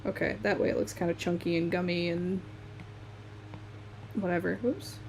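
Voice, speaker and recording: Young Midwestern woman, mellow voice, relaxed live-stream chat while sketching, faint room hum. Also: fairly low pitch, moderate pace, creaky. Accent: Midwestern American. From Michigan, USA. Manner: chatty, laughs often, talks while working.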